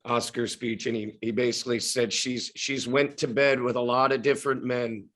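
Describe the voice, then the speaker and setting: A man in his thirties talks as a podcast guest in an easy, middle-pitched voice. He thinks aloud, circling back and restarting his sentences as he goes. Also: little pitch movement, a bit bright. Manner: reflective, halting, many restarts and hedges. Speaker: guest actor. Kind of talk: casual podcast interview.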